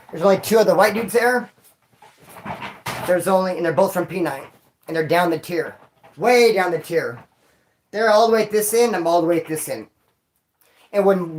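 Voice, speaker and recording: A man hosting a livestream, telling stories in a casual, slangy, animated way and acting out sounds and voices. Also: high-pitched. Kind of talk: casual storytelling to a live audience.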